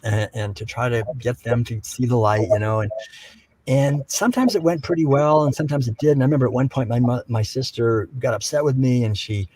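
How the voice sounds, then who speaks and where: Gentle older man, dry close sound. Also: mid-range voice, fairly even intonation, dry recording, rough recording. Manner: gentle, unhurried storytelling with many restarts. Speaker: guest speaker. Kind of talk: reflective conversational talk.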